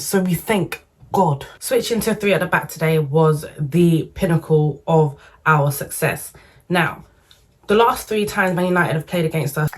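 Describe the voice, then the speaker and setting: Chatty woman vlogging football. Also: fairly low pitch. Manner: animated, chatty, slangy, opinionated. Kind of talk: casual football commentary to camera.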